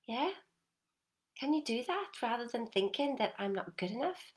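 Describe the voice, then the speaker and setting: Woman, middle-aged motivational coach, talks straight to camera, punchy and animated. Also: fairly high pitch, moderate pace. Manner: animated, emphatic, addresses viewer directly with frequent "yeah?". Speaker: personal development coach.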